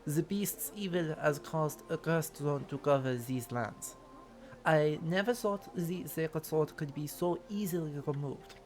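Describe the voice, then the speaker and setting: A man voicing a vain, flamboyant male swordsman prophet in a deliberately awful fake French accent, reading with mock grandeur. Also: a little high, close to an everyday voice. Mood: haughty. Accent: exaggerated fake French. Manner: theatrical, mock-grand reading of game lines.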